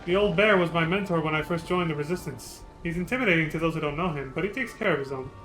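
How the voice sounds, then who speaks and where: A man voicing a stern, fiercely loyal male resistance captain as he reads game dialogue aloud, commanding and gruff. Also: a little high, fast talker, a bit bright, soft background music, lightly acted, poor audio. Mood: steady. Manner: commanding, gruff, scolds with affection.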